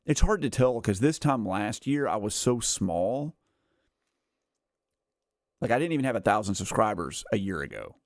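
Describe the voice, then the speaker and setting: Low-voiced dude in his 30s chatting on stream, dry close mic, rambles, chuckles, says like a ton. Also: very animated, normal speed, pauses often, no echo. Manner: rambling, filler-heavy, says "like" and "uh" a lot; chuckles often while talking. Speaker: gaming streamer. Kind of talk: casual livestream chat.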